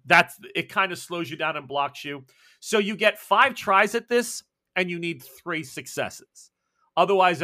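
A man's voice: a little high, bright, forceful tone. A man narrating a tabletop role-playing game as game master, playful and often laughing. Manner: playful, laughing, quick voices for townsfolk.

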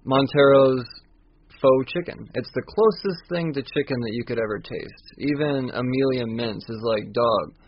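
A man's voice: medium pitch, normal speed, husky, no room sound, lo-fi sound. A man giving a casual, swearing-heavy recap of a comic, rambling and acting out the characters as he goes. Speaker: podcast host recapping a comic.

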